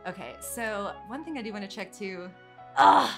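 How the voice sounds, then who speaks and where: A woman hosting a casual let's-play, chatting through her game and reacting loudly, swinging from calm narration to panicked dismay. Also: mid-range voice, brisk, soft background music. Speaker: gaming channel host.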